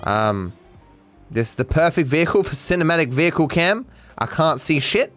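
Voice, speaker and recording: A man's voice: a little high, lively intonation, normal speed, fairly bright tone, soft background music. An Australian man giving sarcastic, swearing live commentary on a game as a streamer, talking to his chat.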